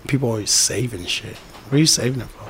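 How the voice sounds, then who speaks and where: A man's voice: mid-range voice, fast talker, slight background noise. A boxing trainer in casual conversation, talking emphatically, repeating his key phrases and acting out the people he quotes.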